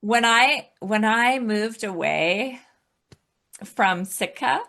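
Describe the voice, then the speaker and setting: Slow, reflective woman guest. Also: on the high side, lively intonation, vocal fry, bright, forceful tone. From Alaska, US. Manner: reflective, laughs often while talking. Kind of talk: casual conversation.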